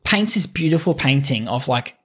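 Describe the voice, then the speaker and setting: A man's voice: mid-range voice, lively intonation, moderate pace, a bit bright, slightly rough. A man talks through a movie's plot on a casual podcast. He swears often, restarts his sentences and acts out bits of dialogue as he goes. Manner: swearing, rambling retelling with quoted lines. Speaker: podcast co-host. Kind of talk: casual film chat.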